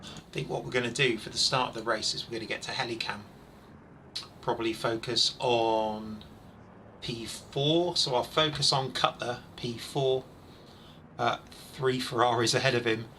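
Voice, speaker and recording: A man over forty doing live, chatty commentary on a sim race, excitable when incidents happen. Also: medium pitch, normal speed, slight background noise, poor audio.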